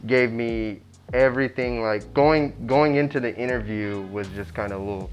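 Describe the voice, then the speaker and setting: A man's voice: medium pitch, normal speed. A man in his twenties chatting easygoing in a casual interview, sprinkling in filler phrases. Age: 20s. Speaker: delivery manager at a cannabis dispensary.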